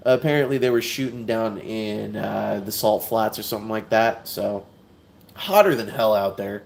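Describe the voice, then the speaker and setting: A man's voice: lowish voice, normal speed, creaky. A man telling a long story while unboxing a toy, rambling, repeating himself and using lots of fillers.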